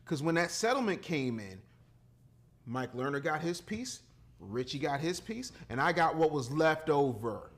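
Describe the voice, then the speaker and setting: A man's voice: fairly high pitch, very animated, measured pace. A man in his fifties, a podcast guest and entrepreneur, talking in a blunt, emphatic, profane way with a preaching cadence. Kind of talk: casual podcast conversation.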